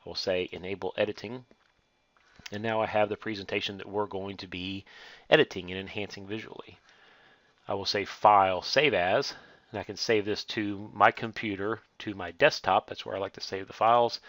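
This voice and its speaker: A man teaching a screen-recorded software tutorial, walking through steps one at a time with frequent "uh" fillers. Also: lowish voice, normal speed, dry recording. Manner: steady step-by-step explaining with frequent "uh" fillers. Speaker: instructor.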